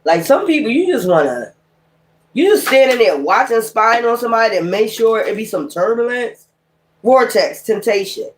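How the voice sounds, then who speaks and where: A woman giving a casual tarot card reading in a blunt, exasperated, profane manner, with slangy, rambling street talk. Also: a little high. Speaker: tarot reader.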